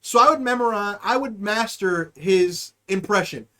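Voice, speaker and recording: A man hosting a live show, telling a story in a loose, profane way, speeding up and then drawing his words out. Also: high-pitched. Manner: animated, profane, swings between quick and drawn-out. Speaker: podcast host. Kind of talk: casual storytelling.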